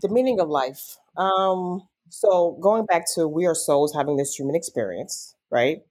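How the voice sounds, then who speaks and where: A life coach appears as a podcast guest in a casual conversational interview, speaking earnestly and reflectively about personal growth. The voice is medium-pitched and darkish in tone, at a measured pace.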